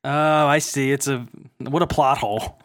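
A man's voice: mid-range voice, fairly even intonation, moderate pace, a bit bright. A man co-hosting a podcast in casual chat, dropping dry quips and teasing asides. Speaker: podcast co-host.

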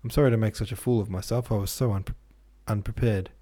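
A man reading the part of a hurt young woman pleading with the man she loves, in a soft, earnest voice. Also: lowish voice, fairly even intonation, quick pace, natural voice. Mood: tearful.

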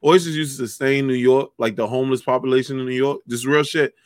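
A young adult man co-hosting a podcast in casual chat, rambling, profane and excitable. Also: medium pitch, fast talker, dry recording, clean studio sound. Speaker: podcast co-host.

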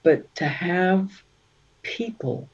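A woman's voice: lowish voice, expressive, extremely slow, darkish tone, husky, lo-fi sound. A woman author being interviewed, talking in a rambling, chatty way with many fillers. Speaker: author guest. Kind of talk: casual interview chat.

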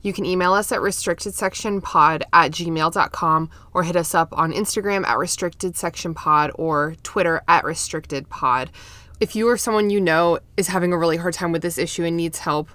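Casting: woman podcast host, lowish voice, casual and profane, laughs easily; dry close mic. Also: fairly bright tone, no echo. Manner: casual, swearing, quick to laugh.

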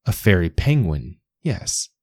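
A man's voice: low voice, very animated, slow, darkish tone, no room sound, clean studio sound, heavily acted. Man doing a rude, scornful fairy penguin. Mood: bossy. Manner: curt, scornful, bossy.

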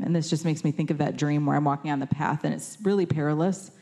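A woman giving a conversational sermon, reading scripture and acting out quoted lines with lively shifts in voice. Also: deep voice, fast talker, few pauses. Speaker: preacher.

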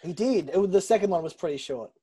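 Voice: medium pitch, expressive, quick pace, mellow, husky. A co-host chatting casually on a podcast in a mid-range voice. The delivery is dry and teasing, full of likes and ums. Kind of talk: casual chat.

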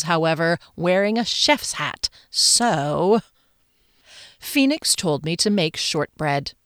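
A woman's voice: on the low side, no echo, clean studio sound. A woman reading a first-person audiobook with a wry, self-mocking manner. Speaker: audiobook narrator.

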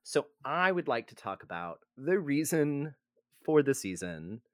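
A man's voice: medium pitch, sing-song, unhurried, fairly bright tone, no echo, studio quality. A man co-hosting a casual podcast, rambling and self-deprecating as he explains history. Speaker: podcast co-host.

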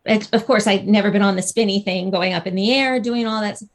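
A woman guest telling a lively anecdote in a casual interview, acting out the people she quotes. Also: medium pitch, fairly quick. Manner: animated storyteller, acts out quotes. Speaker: guest actress.

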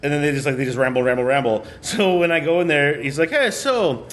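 A man hosting a podcast in casual rambling chat, halting and restarting, trailing off and laughing. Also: medium pitch. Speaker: podcast host.

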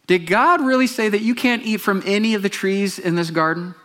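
A man's voice: brisk, fairly bright tone. A man doing a crafty serpent that coaxes in a raised, pushy voice, sliding well above his usual talk. He keeps it sly and insistent as he works on his listener. It is the voice of a storyteller acting out a tempter in a sermon. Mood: coaxing. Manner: high, coaxing, insistent.

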